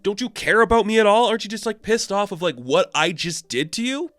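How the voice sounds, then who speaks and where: A man voicing a bitter young woman who lashes out at her lover in shrill, pleading outbursts. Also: fairly quick, bright, forceful tone, no echo.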